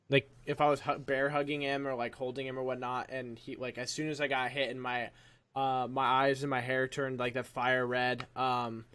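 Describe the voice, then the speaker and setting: A man's voice: mid-range voice, pushed and bright. A man playing a tabletop game, describing his moves in a rambling way full of "like" and "um". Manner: rambling, lots of "like" and "um". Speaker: player. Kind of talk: casual tabletop game play.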